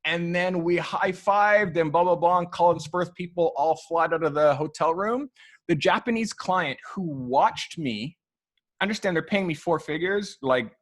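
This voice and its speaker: A man, a photographer, telling long stories in a relaxed interview, full of fillers like "um" and "like". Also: a little high, a little slow. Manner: loose, animated storyteller who acts out quoted people; frequent fillers like "um" and "like". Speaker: photographer guest. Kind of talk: storytelling in a podcast interview.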